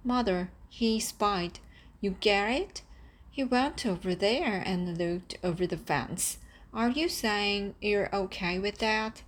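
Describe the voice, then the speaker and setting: A woman's voice: mid-range voice, slow. A woman reading an audiobook, voicing a bratty, disgusted older sister with a whiny, scornful edge. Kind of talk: audiobook character voice.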